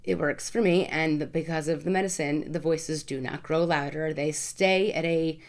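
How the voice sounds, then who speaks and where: Frank, emphatic woman vlogger, slightly low voice. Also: fairly even intonation, moderate pace. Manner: frank, emphatic, repeats words for stress. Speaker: vlogger answering viewer questions. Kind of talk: casual Q&A to camera.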